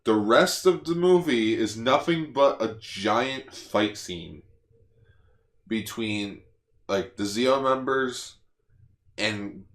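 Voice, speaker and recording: A man co-hosting a podcast, retelling a plot in animated casual chat. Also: mid-range voice, slow, echoey room. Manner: animated retelling, lots of fillers. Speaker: podcast co-host.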